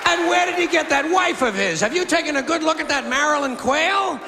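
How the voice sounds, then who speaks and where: Gravelly, animated American comedian on stage. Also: male voice, very high voice, brisk, noisy background. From United States. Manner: profane, mocking, building to shouted punchlines. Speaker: stand-up comedian. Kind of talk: live stand-up routine. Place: theater stage before a laughing audience. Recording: live hall recording with loud crowd.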